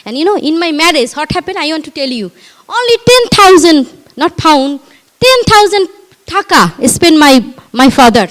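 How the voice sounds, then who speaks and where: A middle-aged woman with a Bangladeshi accent and a high voice addresses a live audience as a parenting coach. She is animated and emphatic, and she piles up rhetorical questions and repeats her points. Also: normal speed, a little hiss or hum. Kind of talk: speech at a live community event. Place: community event before a live audience.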